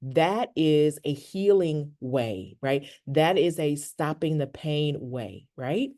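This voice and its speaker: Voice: mid-range voice, expressive, slow, a little mellow. Counselor, online workshop, video call audio, conversational, frequent "right?" check-ins.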